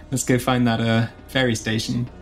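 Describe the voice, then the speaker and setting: A man's voice: medium pitch, very animated, measured pace, a bit bright, soft background music. A man playing a tabletop game, joking lightly and laughing. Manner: jokey and light, laughing often. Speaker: player. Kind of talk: tabletop role-play chat.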